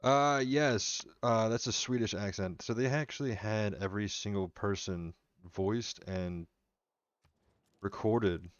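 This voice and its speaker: A man with a very low, smooth and clear voice chats casually with viewers while streaming a game. His talk is relaxed and rambling. The sound is dry and slightly dull, like a home desk mic. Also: a little slow, no room sound. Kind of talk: casual live-stream commentary. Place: home room.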